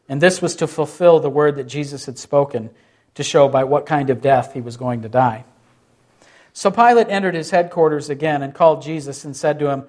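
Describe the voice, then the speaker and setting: A man's voice: fairly high pitch, brisk, darkish tone. A man, a pastor, preaching a sermon with many questions to the listeners and short acted-out quotes.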